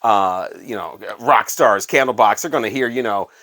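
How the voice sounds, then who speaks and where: His voice is on the low side and sharp in tone, delivered at a normal speed. He's a middle-aged Illinois native, formerly on radio staff and a record collector, rambling conversationally through a casual storytelling vlog with plenty of fillers.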